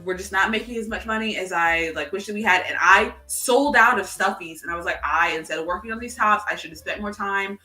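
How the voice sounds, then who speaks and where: A woman's voice: medium pitch, fairly quick, few pauses. A young adult woman co-hosting a casual chat, telling rambling stories full of fillers. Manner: animated rambling storyteller, many fillers. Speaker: co-host. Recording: roomy, distant from the mic.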